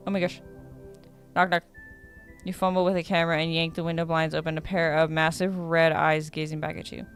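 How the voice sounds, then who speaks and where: A woman streamer who reads a dating sim's text aloud in a casual tone, often stumbling and correcting herself as she reacts. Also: fairly low pitch. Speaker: streamer playing a dating sim.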